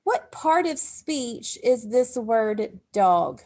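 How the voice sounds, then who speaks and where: A woman's voice: a little high, sing-song, drawn-out words, a little mellow. A woman teacher giving a recorded grammar lesson to young children, explaining step by step in a patient way. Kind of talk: recorded remote phonics lesson.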